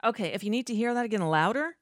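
A woman's voice: fairly high pitch, lively intonation, very fast, slight background noise. A woman hosting casual political commentary, sarcastic and rambling with many fillers.

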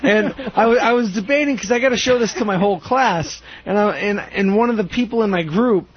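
A young man in his twenties with a high, husky voice hosts a casual chat. He rambles and laughs a lot. The recording sounds dull and lo-fi. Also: brisk.

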